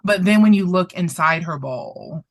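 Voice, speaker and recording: In an unhurried voice of fairly low pitch and lively intonation, a woman therapist tells a story as a guest. Her conversational storytelling is expressive and animated, with frequent laughter and moments of emotion.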